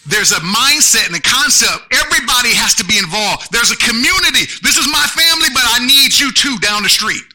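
High-voiced preacher man, super bright tone, really lively, talks back and forth with the crowd. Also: brisk, hardly any pauses, low-quality recording. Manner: animated preaching with call-and-response asides. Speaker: pastor. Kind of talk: sermon.

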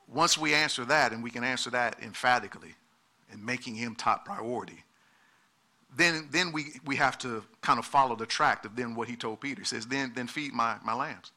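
Bright, emphatic male preacher. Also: medium pitch, animated, normal speed. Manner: emphatic preaching with repeated words and calls to the congregation. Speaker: pastor. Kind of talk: sermon.

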